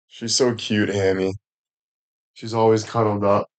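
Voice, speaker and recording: A man's voice: on the low side, little pitch movement, unhurried. A man chatting casually as a streamer, rambling along with heavy swearing and plenty of filler words. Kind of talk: casual chat.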